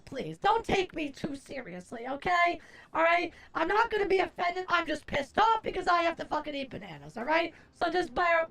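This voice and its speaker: A woman's voice: very high-pitched, vocal fry, a bit bright. A woman streamer chatting casually from her desk, swearing a lot and ranting with theatrical mock fury. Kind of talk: casual livestream chat. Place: at a desk at home.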